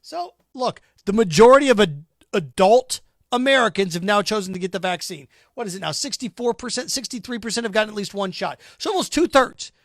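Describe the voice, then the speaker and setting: High-voiced, combative sports talk host. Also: male voice, expressive, brisk, no room sound, studio quality. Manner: combative, sarcastic, mocks imagined callers in put-on voices. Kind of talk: opinionated sports talk monologue.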